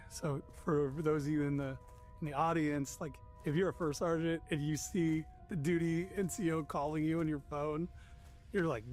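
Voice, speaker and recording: This is a middle-aged man telling a long story from his military days in a loose, profane, animated way. His voice sits a little higher than most men's. He keeps slipping into the voices of the people he describes, and faint music plays behind him. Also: moderate pace. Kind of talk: casual storytelling.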